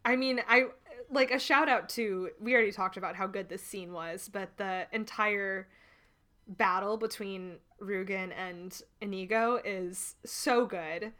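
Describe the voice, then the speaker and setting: A young woman co-hosting a casual chat about a film, animated and laughing often as she retells scenes. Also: medium pitch, unhurried. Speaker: podcast co-host.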